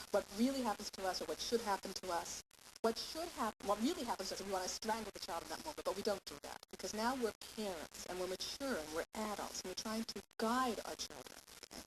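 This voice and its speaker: A woman teaching a parenting class in an animated, explanatory way, checking in with "okay" often. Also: mid-range voice. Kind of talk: lecture. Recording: hissy amateur recording.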